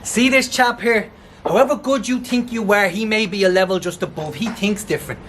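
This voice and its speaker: A man spits taunting battle-rap verses in a strikingly high, strained register, mocking his rival and breaking into laughter between lines. He performs outdoors, and a steady wash of loud background noise sits under his voice. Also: brisk. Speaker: battle rapper. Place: outdoor event. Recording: noisy outdoor event.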